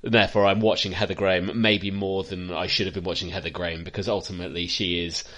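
A man's voice: deep voice, flat delivery, fast talker, a bit bright, dull audio. A man co-hosting a casual film podcast, sardonic and prone to acting out scenes in silly voices. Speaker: podcast co-host. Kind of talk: casual film review chat.

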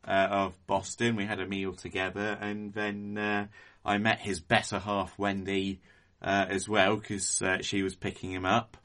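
Lower-voiced man, bright and analytical. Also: completely flat delivery. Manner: measured, analytical, with frequent "kind of" and "um". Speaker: podcast co-host. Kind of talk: casual film discussion.

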